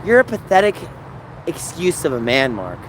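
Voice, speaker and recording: A man's voice: fairly high pitch, wildly swooping pitch, normal speed, very noisy. A man hosting a casual livestream, talking to chat by name and turning confrontational as he defends himself. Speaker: livestream host.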